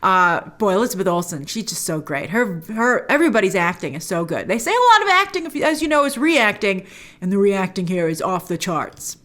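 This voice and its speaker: A woman hosting a show, recapping and reacting to a TV episode in casual chat, animated, slipping into quoted character voices. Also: medium pitch, a little fast. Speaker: host reviewing a TV episode.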